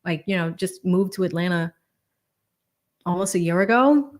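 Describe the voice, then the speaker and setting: Boston-accented woman in her thirties hosting a casual livestream, chatty and animated. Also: on the low side, normal speed. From Boston, USA. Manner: chatty, animated, many fillers, reads viewer comments. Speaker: livestream host.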